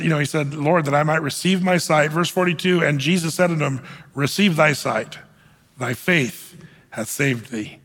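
A man's voice: on the high side, a bit bright, long reverb tail. A male pastor preaching a conversational sermon and reading scripture aloud, with frequent fillers and restarts.

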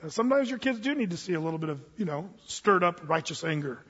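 A male pastor with a high, husky voice delivers a folksy, humorous sermon full of restarts and asides. The sound is dull and washed in long hall reverb, as if from a church sanctuary. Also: animated, fast talker, fairly bright tone. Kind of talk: conversational sermon.

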